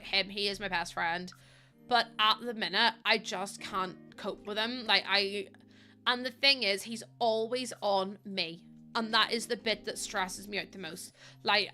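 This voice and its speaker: A woman's voice: medium pitch, bright, forceful tone. A young woman streaming while she plays a building game, rambling in casual chat with lots of fillers and the odd swear word. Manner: rambling and chatty, with many fillers, swearing freely.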